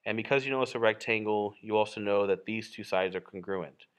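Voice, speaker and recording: A man's voice: fairly low pitch, brisk. A man teaching a geometry lesson while drawing, in a casual, explanatory way with frequent fillers and self-corrections. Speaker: math teacher.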